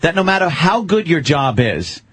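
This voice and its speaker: Profane husky-voiced male co-host. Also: fairly high pitch, very animated, moderate pace, fairly bright tone. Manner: profane, emphatic ranting. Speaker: radio show co-host. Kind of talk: casual radio banter.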